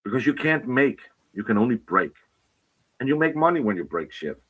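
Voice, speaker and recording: A man's voice: mid-range voice, very animated, normal speed, fairly bright tone, slight background noise, rough recording. A man in an angry rant, hurling insults and accusations. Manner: furious, insulting. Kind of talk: angry ranting clip.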